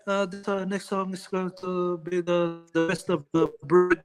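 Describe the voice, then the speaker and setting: A man impersonating a boastful middle-aged Filipino boxer-senator, with a Filipino accent and slow, halting, "uh"-filled speech. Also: high-pitched, level tone, faint music behind, voice pushed up, close to an everyday voice. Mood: deadpan boastful. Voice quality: slow halting delivery full of "uh".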